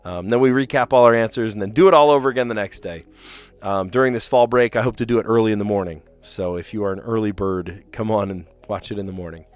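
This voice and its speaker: Hoarse man ranting on a stream. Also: fairly low pitch, fast, faint music behind. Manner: ranting, chatty, with many fillers and restarts. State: sore, hoarse voice. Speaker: streamer and school teacher. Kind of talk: casual live-stream chat.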